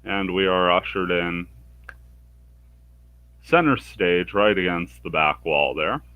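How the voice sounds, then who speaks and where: A let's play streamer reads a game's dialogue aloud slowly, adding wry, sarcastic commentary and jumping into a higher pitch for the characters' lines. The recording has no room sound and comes across narrow and tinny.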